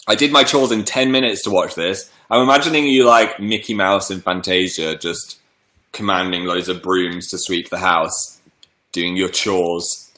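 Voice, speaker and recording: A man's voice: sits low, steady tone, moderate pace, pushed and bright, echoey room. A man, chatting playfully on a livestream and reading viewer messages, with a slight cold. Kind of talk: casual livestream chat.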